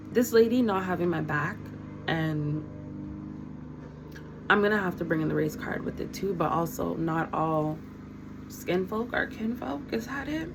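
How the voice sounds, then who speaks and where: A young woman vlogger telling a workplace story in a casual, animated, slangy way with a lot of laughing. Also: lowish voice, noisy background.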